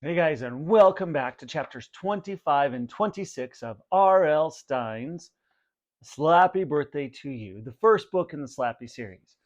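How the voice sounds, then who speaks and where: A man in the role of a teacher, giving students instructions and then reading a spooky storybook aloud in a plain, steady way. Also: a little high, measured pace, dull audio. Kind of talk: read-aloud storybook narration.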